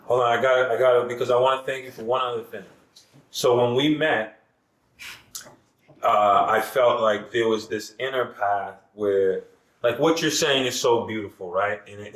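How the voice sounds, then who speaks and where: A man's voice: mid-range voice, a bit bright. A man talking as a guest in a casual podcast conversation, earnest and circling back with many restarts. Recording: echoey room.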